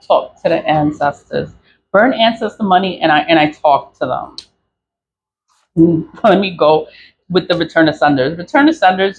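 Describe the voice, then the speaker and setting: A woman's voice: lowish voice, a little mellow, lo-fi sound, slight background noise. A woman selling spiritual products who chats casually to camera, rambling, repeating herself and laughing between phrases.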